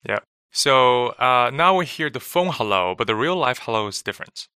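A man co-hosting a language lesson, relaxed, giving short replies and modeling pronunciation slowly. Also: mid-range voice, clear, resonant tone, dry recording, studio quality. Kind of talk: casual podcast lesson.

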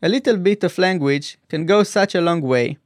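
A man teaching a language lesson in a scripted voice-over, speaking slowly and carefully sounding out each syllable. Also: sits high, lively intonation, dry recording, clean studio sound. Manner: slow, careful enunciation of syllables.

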